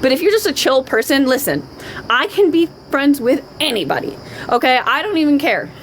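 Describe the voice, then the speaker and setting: A woman's voice: high-pitched, big pitch swings, brisk, a little hiss or hum, rough recording. A middle-aged woman ranting on a live stream, emphatic and repetitive, often swearing. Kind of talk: unscripted live-stream rant.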